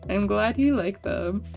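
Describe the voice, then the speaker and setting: A woman's voice: mid-range voice, slow, vocal fry, darkish tone, faint music behind. A woman streamer chatting casually while playing, rambling and playful, swearing freely. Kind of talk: casual gameplay chat.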